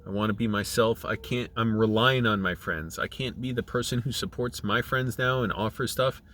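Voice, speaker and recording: Choked-up man, halting, lowish voice. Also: fairly even intonation, a bit bright, slight background noise. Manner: halting and emotional, many restarts and fillers. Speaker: channel creative director. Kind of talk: personal video diary.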